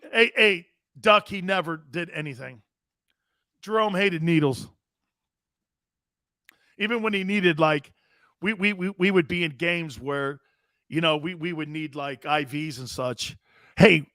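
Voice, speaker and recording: With a slightly high voice and studio-quality sound free of room tone, this sports talk host in his fifties spins rambling, boisterous anecdotes. He tells them animatedly, emphatically restarting as he goes.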